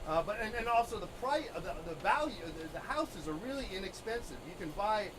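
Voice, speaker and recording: A man's voice: high voice, animated, fast talker, background noise. A man hosting a live talk show while walking on a treadmill, rambling with many fillers and restarts. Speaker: show host painting on a treadmill.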